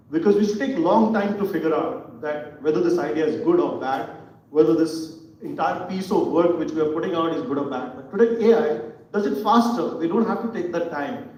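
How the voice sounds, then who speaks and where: A man's voice: fairly high pitch, mellow. A man, a panelist from advertising, sharing thoughtful personal reflections. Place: event hall on stage. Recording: echoey hall from far off, dull sound.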